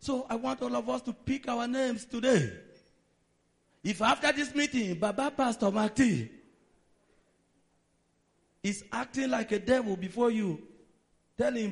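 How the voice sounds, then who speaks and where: A man's voice: very high voice, a little slow, long pauses. A man preaching a sermon in a dramatic, emphatic way.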